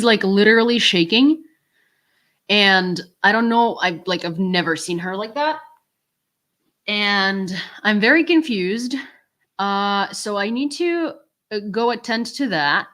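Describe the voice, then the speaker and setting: A woman's voice: mid-range voice, fairly bright tone, poor audio. A woman from Ukraine, hosting a casual livestream from home and chatting with many fillers. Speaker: host of a nightly news livestream.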